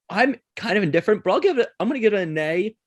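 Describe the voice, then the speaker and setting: Host type: a quick-talking man leading a casual podcast chat, close and dry sound. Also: high voice, expressive, dry recording. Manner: quick, chatty, runs the segments.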